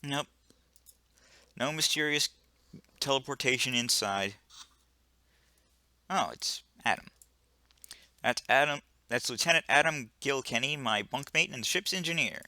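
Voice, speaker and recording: A man's voice: medium pitch, moderate pace, pauses often, sharp tone, no room sound. A man giving casual gameplay commentary with wry, joking asides. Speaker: let's player.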